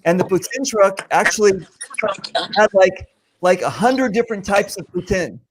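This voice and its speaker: High-voiced chatty man hosting. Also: expressive, moderate pace, slight background noise. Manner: upbeat, chatty, repeats himself. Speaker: host. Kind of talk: casual video call chat.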